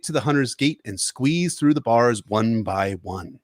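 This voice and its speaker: A man's voice: mid-range voice, animated, unhurried, no room sound. A man in his young adult years, co-hosting a podcast and reading a chapter synopsis with earnest, emotional delivery. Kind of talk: book synopsis reading and chat.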